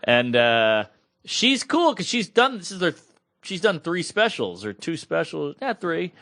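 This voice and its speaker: Animated bright-voiced man telling a story. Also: a little high, unhurried. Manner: animated, swears freely, acts out quoted people. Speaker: podcast co-host. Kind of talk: casual storytelling chat.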